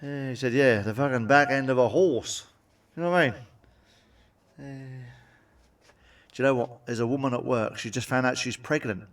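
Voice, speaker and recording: Male stand-up comic, mid-pitched, blunt and sweary, mic set back a little. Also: moderate pace, pauses often, distant mic. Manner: blunt, sweary, cheeky jokes with tag questions. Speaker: stand-up comedian. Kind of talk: stand-up joke monologue.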